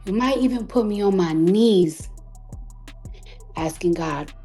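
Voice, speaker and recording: A woman's voice: medium pitch, faint music behind. Defiant woman, emphatic and profane. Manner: slows to a hushed whisper at times. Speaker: recording artist. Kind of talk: emotional monologue on a live audio chat.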